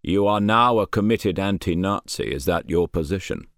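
A man's voice: low voice, normal speed, a bit bright, dry recording. A man voicing a shrewd, rotund male colonel in his sixties, putting dry, probing questions in an audiobook.

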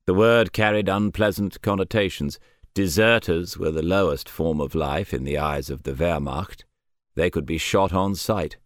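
A man reading an audiobook chapter in measured, even scripted narration. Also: deep voice, dry recording, studio quality.

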